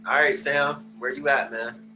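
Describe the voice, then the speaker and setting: A man's voice: mid-range voice, fairly even intonation, takes it slowly, music in the background. A young man moderating a group game, teasing with brief quips. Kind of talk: casual chat, moderating a game.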